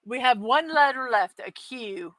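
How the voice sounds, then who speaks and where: A slightly high woman's voice drawls through a casual morning livestream, laughing easily and chatting with viewers in a self-deprecating way. She takes her time over each phrase, and the sound is close and dry. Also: lively intonation, measured pace, fairly bright tone, no room sound, low-quality recording. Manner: chatty and self-deprecating, laughs often, reads chat aloud. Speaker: host of a daily morning livestream.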